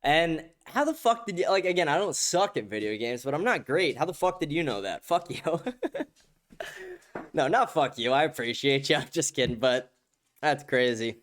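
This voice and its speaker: A man's voice: on the high side, lively intonation, moderate pace, a bit bright. A young man hosting a livestream podcast, reading chat comments aloud in a blunt, profane, casual way and laughing often. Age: young adult.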